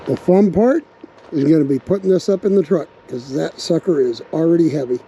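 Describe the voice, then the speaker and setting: Mellow-voiced man vlogging outdoors. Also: on the high side. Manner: relaxed, unhurried, thinking aloud. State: slightly hoarse bark. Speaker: RV vlogger building a truck tank. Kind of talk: casual workshop vlog narration. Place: outdoors at a windy campsite. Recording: dull lo-fi outdoor recording with wind noise.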